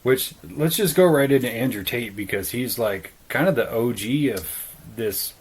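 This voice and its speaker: A man co-hosting a podcast in casual chat, blunt and profane, mocking people with quick put-on quotes. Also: mid-range voice, animated, husky, low-quality recording. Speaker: podcast co-host.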